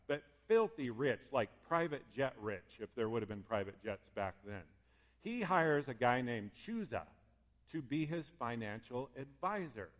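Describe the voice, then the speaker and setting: A male pastor giving a sermon in a lively, conversational way, with asides and fired-up moments. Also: on the high side. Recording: long reverb in a hall.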